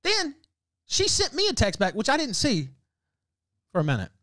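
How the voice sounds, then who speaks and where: A man's voice: extremely high pitch, huge pitch swings, moderate pace, bright, forceful tone, no echo. A man hosting a livestream, ranting in heated, profane casual talk and breaking into laughs. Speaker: livestream host.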